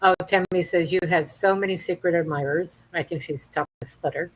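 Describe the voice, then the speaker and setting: Husky-voiced woman reading chat comments. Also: on the low side, fairly quick, poor audio. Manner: laughs often, reads viewer comments aloud. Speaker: livestream co-host. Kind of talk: casual live chat.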